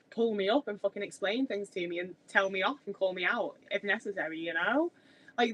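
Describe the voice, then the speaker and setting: A woman's voice: medium pitch, fairly bright tone, low-quality recording. A woman, chatting casually on a livestream in a rambling way with many filler words. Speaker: streamer.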